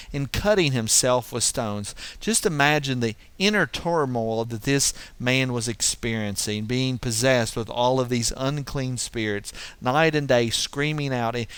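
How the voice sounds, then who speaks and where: A man with a smooth, medium-pitched voice teaches through the Bible verse by verse, explaining as he goes. He seems to think aloud, often restarting his sentences, and the recording has no room sound.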